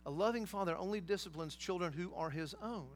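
A man's voice: sits high, fairly quick. A man preaching a sermon, emphatic, with rhetorical questions and casual asides to his congregation. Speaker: pastor.

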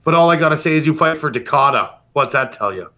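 A man's voice: fairly high pitch, lively intonation, fast talker, bright, forceful tone, lo-fi sound. A man hosting a podcast, delivering a brash, profane comedic roast rant. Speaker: podcast host.

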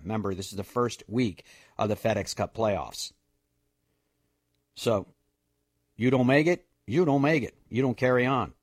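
A man's voice: mid-range voice, no echo, clean studio sound. Jokey male golf radio host. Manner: chatty, jokey, rattling off schedules. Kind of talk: casual radio recap.

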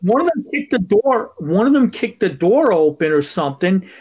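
A man's voice: high-pitched, very animated, moderate pace, darkish tone, muffled recording, slight background noise. A man chiming in with jokes during a casual podcast chat.

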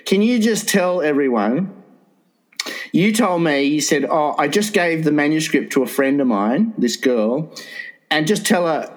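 A man's voice: fairly high pitch, lively intonation, a little slow, low-quality recording. A man, co-hosting a casual comedy chat, teasing his partner with stammered restarts. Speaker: podcast co-host, publisher.

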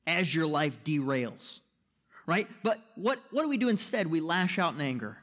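A man's voice: high-pitched, lively intonation, moderate pace. A man preaching a sermon as pastor, emphatic, posing rhetorical questions and checking in with the listeners. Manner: checks in with "right?" and "okay?".

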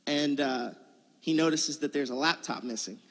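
A man's voice: a little high, moderate pace, a bit bright, in a large hall. A man giving a conversational sermon, telling a personal story in a casual, earnest way. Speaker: preacher.

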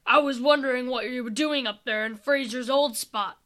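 A woman voicing a bold, hot-tempered young hero with dark powers, blunt and impatient. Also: sits high, normal speed. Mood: irritated.

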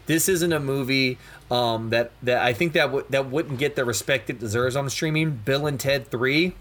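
A man's voice: medium pitch, moderate pace, a bit bright. A young adult man co-hosting a podcast, talking in an enthusiastic, rambling way and saying "dude" a lot. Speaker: podcast co-host. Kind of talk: casual chat.

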